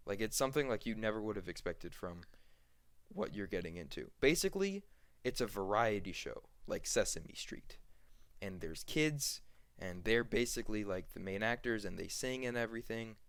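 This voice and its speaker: Rambling young man, animated storytelling. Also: on the low side, moderate pace, clear, resonant tone, no room sound. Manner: rambling, animated retelling with acted quotes and many fillers. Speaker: podcast co-host. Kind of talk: casual chat.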